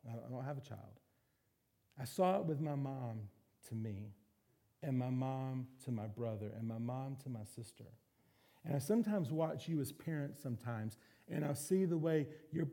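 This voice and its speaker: Gravelly-voiced man preaching a sermon. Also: medium pitch. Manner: animated, acting out little voices and quotes. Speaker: pastor.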